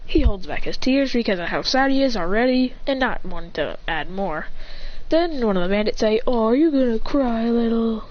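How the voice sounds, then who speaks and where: A woman's voice: mid-range voice, expressive. A woman casually improvising a fan-fiction story, rambling and correcting herself as she goes, in a dull lo-fi home recording. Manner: rambling, self-correcting, quick run-on telling.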